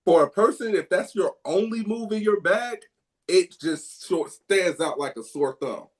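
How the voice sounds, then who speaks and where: A man with a slightly high voice argues his point on a basketball podcast. He is emphatic and a bit preachy, pushing his view hard on the other hosts. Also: lively intonation, unhurried. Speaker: podcast co-host. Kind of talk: casual basketball talk.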